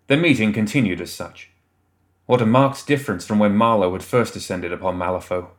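A man with a fairly low voice tells a dark fantasy tale in a steady, measured way. His narration sounds scripted and evenly paced.

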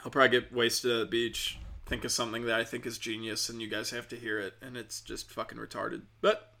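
A man's voice: mid-range voice, little pitch movement, fairly quick, gravelly, sharp tone. A man hosting a podcast, talking in a rambling, profane, sardonic comic monologue. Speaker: podcast host.

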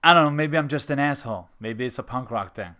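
A man's voice: medium pitch, lively intonation, fast talker, pushed and bright. A man in his thirties hosting his own show, talking frankly and casually, swearing often and questioning himself. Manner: frank, profane, self-questioning. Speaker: podcast host. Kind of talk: casual personal monologue.

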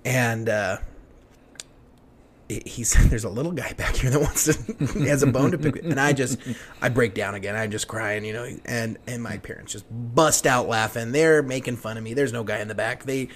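A man's voice: mid-range voice, steady tone, normal speed, a little hiss or hum. Rambling man telling a story. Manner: rambling, many fillers and restarts, hushed when retelling fear. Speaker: podcast guest. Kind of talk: casual storytelling.

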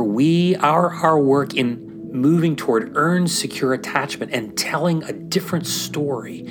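A man talking about faith in a casual, animated way, often acting out the voices he quotes and using fillers like "like". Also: medium pitch. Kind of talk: casual sermon-style chat.

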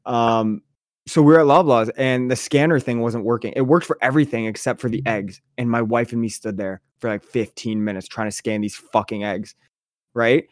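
A man's voice: medium pitch, moderate pace, no echo, studio quality. A man co-hosting a podcast, telling casual stories with lots of swearing and acting out other people's lines. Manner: animated storyteller, swears freely, acts out voices. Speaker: podcast co-host. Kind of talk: casual chat.

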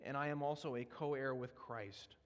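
A man's voice: medium pitch, fairly even intonation, moderate pace. A young man preaching a sermon and telling his own story earnestly, now and then laughing at himself. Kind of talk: sermon with personal testimony. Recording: long reverb of a large hall.

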